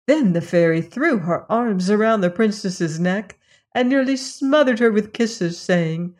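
A woman narrating a fairy tale in a measured, expressive reading. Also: mid-range voice. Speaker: storyteller.

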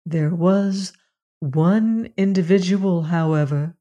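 A woman narrating a storybook with a steady, even read-aloud delivery. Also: lowish voice, slow pace, dull audio.

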